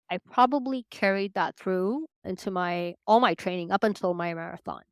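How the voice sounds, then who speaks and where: A Canadian woman in her forties, a podcast guest telling her story casually, chatty and quick to laugh. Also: mid-range voice, fairly bright tone, smooth, dry recording, clean studio sound. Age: 40s. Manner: chatty, laughs often, acts out quoted lines in a lifted voice.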